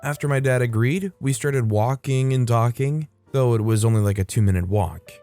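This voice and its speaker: A man hosting a storytelling channel, reading online stories aloud in an expressive, upbeat way with frequent lifts in pitch. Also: moderate pace, smooth, soft background music. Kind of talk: scripted narration of online stories.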